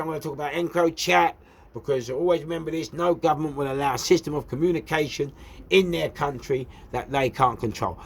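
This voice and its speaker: Hosting his own show, a man with a London accent from England tells a story in a ranting, repetitive style packed with rhetorical questions. His voice is fairly high, creaky and edged with breathiness. It's a casual storytelling monologue, animated and punctuated by shouted outbursts.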